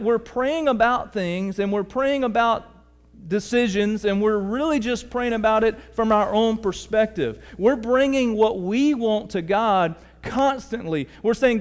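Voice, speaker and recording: A middle-aged man preaching a sermon as pastor, telling a story in a conversational way and asking his congregation questions. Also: very high-pitched. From United States. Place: church sanctuary. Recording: long reverb of a church hall.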